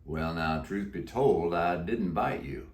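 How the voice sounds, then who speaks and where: An old cowboy zombie , as a man puts him on speaks in a deep, croaky drawl, slow and folksy. The voice sits very low yet swings widely in pitch. It is heard in an echoey room during a storybook reading. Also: expressive. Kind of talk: storybook read-aloud.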